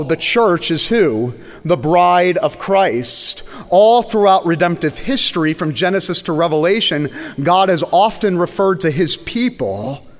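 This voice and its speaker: A man preaching a sermon as pastor, slowing down and dropping low and quiet on key words for emphasis. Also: long reverb tail.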